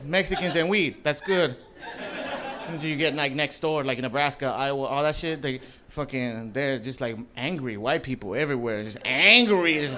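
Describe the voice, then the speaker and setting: A man performing a live stand-up comedy set in a club, loose and profane, rambling with lots of fillers and shouting mock voices of angry people. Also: medium pitch, moderate pace, slight background noise. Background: audience laughter.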